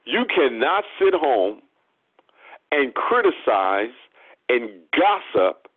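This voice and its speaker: A man's voice: medium pitch, big pitch swings, slow pace, slightly rough, no room sound. A man preaching a sermon, emphatic and repeating phrases for stress. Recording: tinny phone-like sound.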